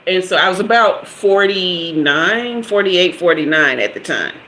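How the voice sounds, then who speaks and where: A woman in her fifties telling a lively personal story to her live-stream viewers, laughing often and talking straight to them. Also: lowish voice, measured pace. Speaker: host of a live tarot stream. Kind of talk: casual storytelling to a live chat. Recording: echoey room with faint background hiss.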